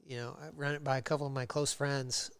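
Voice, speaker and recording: A man guesting on a podcast, telling his work history in a rambling, casual way with many fillers, and getting animated when he retells old conversations. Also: medium pitch, fast, gravelly, clear, resonant tone, no room sound. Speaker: podcast guest, metal fabricator. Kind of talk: casual interview storytelling.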